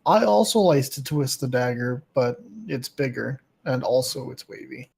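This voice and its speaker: A man's voice: mid-range voice, lively intonation, normal speed, vocal fry, a little mellow, breathy edge. A young man playing a tabletop game, earnestly and insistently explaining rules to another player. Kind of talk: casual tabletop play.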